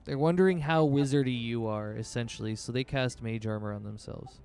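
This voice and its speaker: A man's voice: mid-range voice, fairly quick, a little mellow, clean tone, soft background music. Rambling man running a tabletop game. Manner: rambling, loose narration with many fillers. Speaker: game master.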